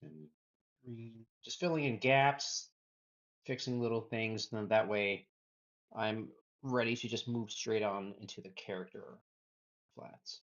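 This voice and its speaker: A man who streams his illustration work chats casually with viewers as he draws, muttering to himself while working before greeting chat. His voice sits on the low side, steady and unhurried, with a fairly bright tone, though the audio is dull.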